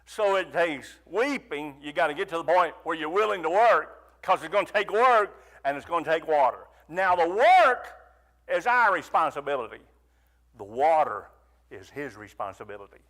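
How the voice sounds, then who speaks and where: A man preaching a fervent sermon, rising to near shouts and pleading prayers. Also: fairly high pitch, very animated, moderate pace.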